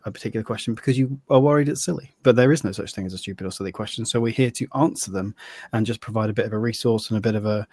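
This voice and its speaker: A man's voice: lowish voice, darkish tone, no room sound. A man co-hosting a podcast in casual chat, friendly and earnest. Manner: friendly, earnest, with fillers and restarts. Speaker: podcast co-host.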